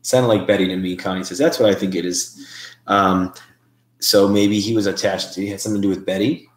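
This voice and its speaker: Deep-voiced man rambling on a live stream. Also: steady tone, a little fast, roomy sound. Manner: rambling, hesitant, restarts, thinking aloud. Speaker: host of a live paranormal stream. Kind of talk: casual live-stream chat with viewers.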